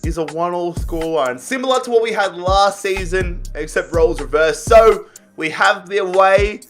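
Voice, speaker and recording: A young man giving casual gameplay commentary, excitable, swearing freely and calling his viewers lads. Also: high-pitched, moderate pace, soft background music. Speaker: gaming YouTuber.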